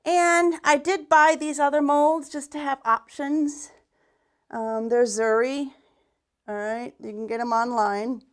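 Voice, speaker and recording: A woman's voice: high voice, little pitch movement, takes it slowly. A woman giving a live craft demonstration as a paint retailer, talking in a chatty, rambling way with restarts and muttered asides, a bit out of breath.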